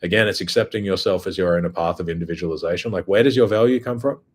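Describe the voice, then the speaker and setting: Blunt, low-voiced, husky man. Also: fast talker. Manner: blunt and profane. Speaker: host. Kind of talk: casual monologue.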